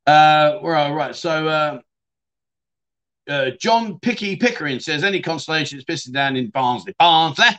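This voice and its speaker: Yorkshire bloke doing a chatty livestream, bit high voice, middle-aged, keeps saying mate, trails off quiet. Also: male voice, lively intonation, moderate pace. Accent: Yorkshire English. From England. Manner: chatty and matey, calls viewers mate and my friend, often trails off softly. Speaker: livestream host. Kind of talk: casual livestream chat reading viewer comments.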